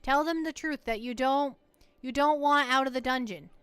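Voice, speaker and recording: During a casual game livestream, a US woman keeps up playful, teasing banter and often repeats her words. Her high-pitched voice is smooth and fairly bright, moving at a moderate pace with no echo.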